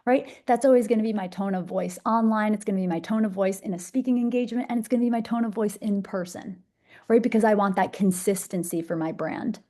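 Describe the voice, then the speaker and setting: A woman's voice: medium pitch, brisk, warm tone. A young woman presenting a masterclass, bubbly, enthusiastic and conversational. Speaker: social media speaker.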